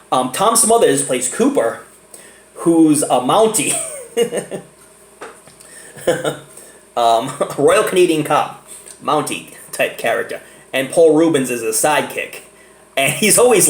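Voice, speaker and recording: A man giving a casual, rambling movie review, laughing often as he talks. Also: medium pitch. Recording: echoey room.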